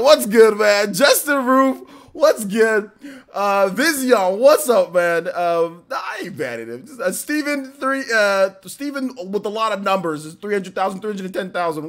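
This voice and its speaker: A male streamer chats live from his home setup. His voice sits high and swings widely in pitch. He reels off viewer names with quick greetings and laughs off trolls in a loose, slangy way. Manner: shouts out chat names, trash-talks trolls, laughs often. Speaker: streamer reading live chat. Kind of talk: casual live-stream chat.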